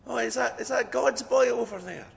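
A hoarse man with a Scottish accent voicing a cocky young male Scottish ned on crutches, shouting in a high voice during a sermon joke. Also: moderate pace, heavily acted. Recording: dull lo-fi recording in a reverberant church.

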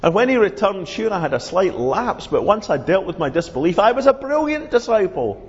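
A man's voice: high voice, big pitch swings, voice pushed up. A man voicing the apostle Thomas as an aggrieved, self-justifying man who protests and pleads his case. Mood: pleading. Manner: indignant, pleading, quick protests. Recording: dull, reverberant hall sound.

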